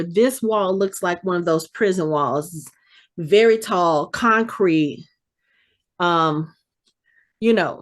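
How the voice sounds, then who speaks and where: Animated woman recapping a show. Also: lowish voice. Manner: animated retelling, acting out characters' lines. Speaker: podcast co-host. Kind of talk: casual chat, episode recap.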